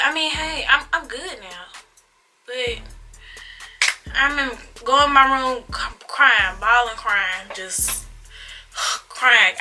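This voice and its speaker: An eighteen-year-old woman telling a personal story to her viewers in a casual, expressive, drawn-out way. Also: fairly high pitch. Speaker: vlogger.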